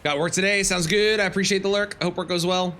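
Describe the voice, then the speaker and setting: A man's voice: sits high, fairly even intonation, fast talker, bright, forceful tone. A man casually commenting on his live game stream, chatting with viewers and breaking into yelps and exclamations at enemies.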